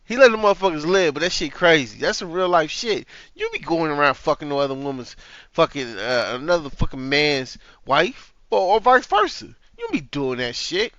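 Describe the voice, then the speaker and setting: A man's voice: a little high, big pitch swings, normal speed, a bit bright, no room sound, muffled recording. A man hosting a reaction video, talking in a heated, profane, casual way.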